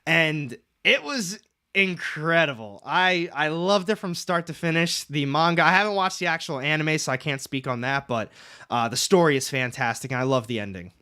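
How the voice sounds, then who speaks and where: A man's voice: on the high side, normal speed, pushed and bright. A young man hosting a casual comics livestream, rambling, reading chat aloud and swearing casually from his room at home.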